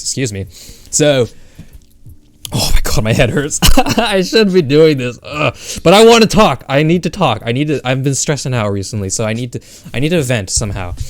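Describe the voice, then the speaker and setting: A man's voice: mid-range voice, clean tone, dry recording. A young man streaming from home into a desk mic, rambling bluntly with profanity and lots of fillers. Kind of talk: casual livestream chat.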